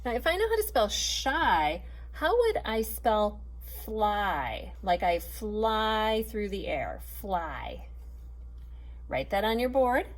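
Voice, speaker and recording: A woman leads a phonics lesson for young children, spelling words letter by letter and praising each answer. She talks slowly and unhurriedly, in a voice of middling pitch. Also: big pitch swings. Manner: patient, encouraging, sounds out letters slowly. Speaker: teacher.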